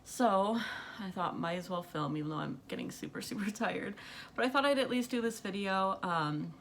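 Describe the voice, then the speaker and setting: A woman's voice: mid-range voice, lively intonation, normal speed, fairly bright tone, a little hiss or hum. A young woman who is out of breath, chatting casually about makeup to her camera at night, rambling with lots of fillers and frequent little laughs. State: out of breath from pregnancy. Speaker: beauty vlogger. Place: bedroom at night under bright light.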